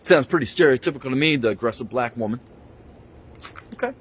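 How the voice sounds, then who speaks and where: A man's voice: mid-range voice, expressive, quick pace, slightly rough. Man ranting a heated, profane story. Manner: heated, profane, indignant retelling; switches phone between hands while talking. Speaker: vlogger. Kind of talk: angry storytime rant. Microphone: handheld phone.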